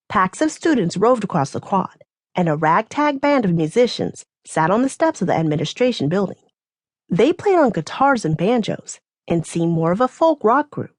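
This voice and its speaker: A woman reads a novel aloud as an audiobook narrator. Her voice rises and falls a great deal as she tells the story, with an expressive delivery. The recording is close and dry, with no room sound. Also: medium pitch, no echo. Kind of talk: scripted narration.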